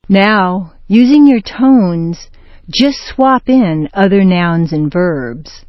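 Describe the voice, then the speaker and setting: A woman narrating an accent and grammar lesson in a slow, deliberate scripted delivery, stressing words in example sentences. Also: mid-range voice, expressive, no room sound. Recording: dull, dry studio voice-over.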